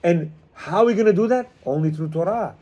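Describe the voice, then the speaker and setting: A man's voice: sits high, brisk, warm tone. A man teaching a Torah class to students, emphatic and repetitive in his delivery. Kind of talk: animated class talk.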